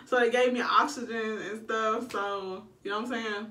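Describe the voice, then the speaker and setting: Woman, casual storyteller, profane and animated, a bit high, echoey room off-mic. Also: moderate pace, far from the mic. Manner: animated, profane, acts out her own quoted lines. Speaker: vlogger telling her birth story.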